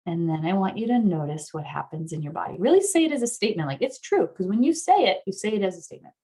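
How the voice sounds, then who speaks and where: A woman therapist teaching an online workshop, guiding listeners through an exercise in an earnest way, sometimes rising into excited affirmations, heard over a video call. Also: mid-range voice, fast, husky. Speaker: somatic therapist guest speaker.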